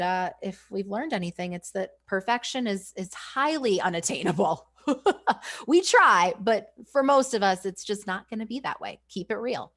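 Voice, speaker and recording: A woman leading an online training session for teachers, talking in an energetic, chatty way and often checking in with the listeners. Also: mid-range voice. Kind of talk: live online professional development presentation.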